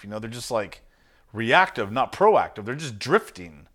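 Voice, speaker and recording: Animated, emphatic male sales coach. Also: medium pitch, unhurried. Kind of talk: motivational teaching monologue.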